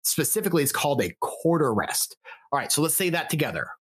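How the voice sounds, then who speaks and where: A man's voice: on the high side, sing-song, fast talker, a bit bright, slightly rough. Encouraging male music teacher chanting rhythms. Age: adult, father of a young child. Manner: encouraging, chants rhythm syllables and counts along with a metronome. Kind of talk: recorded music lesson for children.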